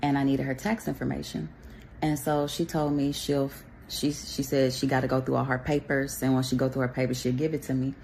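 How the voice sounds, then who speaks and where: A woman with a very gravelly voice, low for her sex, talking to camera. She shares a personal faith testimony in a loose, rambling, chatty way and drops in pious asides. Faint noise sits under her voice. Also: flat delivery, brisk, darkish tone. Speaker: vlogger sharing a faith testimony.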